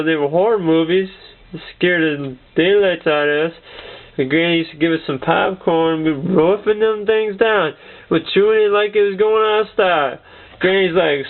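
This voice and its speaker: A man telling rambling comic childhood stories as a comedian, often repeating "I tell you what.". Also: fairly high pitch. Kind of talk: stand-up storytelling. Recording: tinny phone-like sound.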